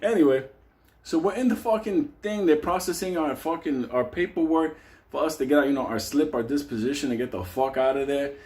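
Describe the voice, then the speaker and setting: A man's voice: fairly high pitch, a little fast, darkish tone. A man telling a comic, profane story, laughing often and acting out the voices. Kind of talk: casual comedic storytelling.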